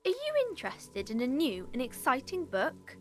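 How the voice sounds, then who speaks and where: A woman's voice: high-pitched, huge pitch swings, moderate pace, faint music behind. A woman voicing a dutiful young girl minding a bookshop in a video game, speaking politely and formally. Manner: polite and formal, calls him sir. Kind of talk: video game character dialogue.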